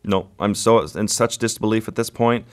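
A man, a wildlife photographer, being interviewed and telling a vivid, unhurried story about his work. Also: fairly low pitch.

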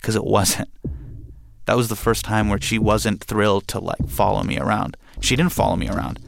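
A young man from India telling a personal story in a lively, animated way, acting out the quotes. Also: on the low side, moderate pace, gravelly, background noise.

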